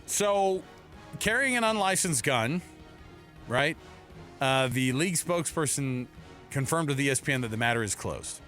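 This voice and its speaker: A man's voice: mid-range voice, expressive, normal speed, pauses often, a bit bright, faint music behind. A man hosting a casual sports talk radio show in a studio, joking and playful. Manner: joking, playful, does voices.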